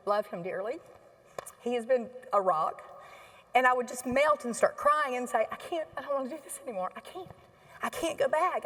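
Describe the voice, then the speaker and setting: A middle-aged woman speaking on stage to an audience, emotional and halting, often restarting her sentences. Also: on the high side, long reverb tail. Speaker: healthcare association board chair. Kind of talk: onstage talk to an audience. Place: stage in a large hall.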